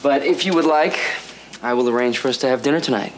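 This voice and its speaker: A man plays a slick con man businessman in a TV drama. His mid-range voice is smooth and assured, and a faint hiss runs underneath. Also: mid-range voice, fast talker, natural voice. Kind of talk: TV drama dialogue.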